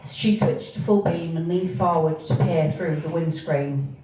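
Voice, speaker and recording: A woman reading from her own novel, with hesitant spoken asides between steady passages. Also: deep voice, unhurried. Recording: echoey room, distant mic, faint noise.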